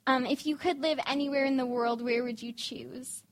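A woman co-hosting a podcast with a very high, bright voice. She talks in quick, bubbly, teasing banter and asks her guests question after question. Her easy chat often quickens when she gets excited. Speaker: podcast co-host.

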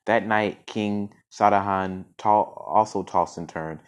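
A man's voice: lowish voice, steady tone, slow pace, clear, resonant tone. A man reading a story aloud, stumbling over words and often restarting mid-phrase. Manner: stumbling reading with frequent restarts and self-corrections. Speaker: podcast storyteller.

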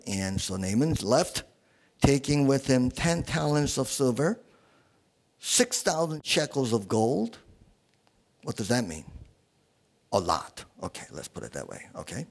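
Guy preaching slow at a small church, husky voice, pitch swings up and down a lot, lots of uh and right?. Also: very animated. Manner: halting, many pauses and fillers, rhetorical questions to the congregation. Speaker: guest preacher. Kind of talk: sermon.

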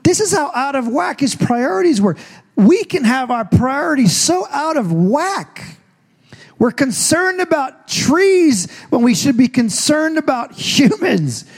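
A man's voice: extremely high pitch, animated, unhurried. A man preaching a sermon as pastor, telling the story in a casual, joking way. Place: church stage.

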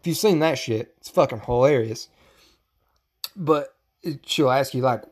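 A man's voice: fairly high pitch, very animated, moderate pace. A young man hosting a casual fight podcast, ranting with lots of profanity and getting worked up. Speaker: podcast host. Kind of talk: casual MMA podcast commentary.

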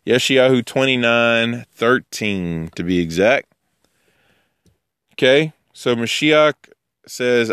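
Man, casual teacher, wanders off topic and acts out other people's lines, clear smooth voice. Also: mid-range voice, slow, long pauses, a bit bright, no room sound, studio quality. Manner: conversational, digressive, acts out quoted speakers. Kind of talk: informal Bible teaching.

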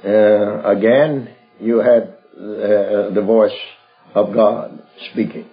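A man teaching from the Bible in a halting, folksy way, with many fillers and restarts. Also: lowish voice, fairly even intonation. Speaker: preacher. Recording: dull lo-fi old recording with faint music.

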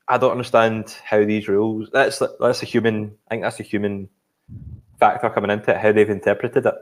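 Here a lowish-voiced Scottish man talks briskly with little pitch movement. As a podcast co-host, he rambles hesitantly about football in casual chat, using plenty of fillers.

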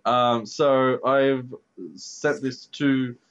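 A man's voice: mid-range voice, level tone, extremely slow, clear, resonant tone. A man hosting a podcast in casual chat, earnestly running through viewing figures. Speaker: podcast host. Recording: slightly dull lo-fi mic with faint noise.

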